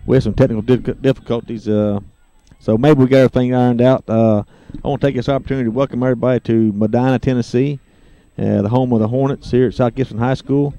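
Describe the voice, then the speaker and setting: Mellow man calling local football. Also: medium pitch, quick pace, hardly any pauses, dry recording, lo-fi sound. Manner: relaxed, chatty, many fillers. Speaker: play-by-play announcer. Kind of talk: high school football radio broadcast.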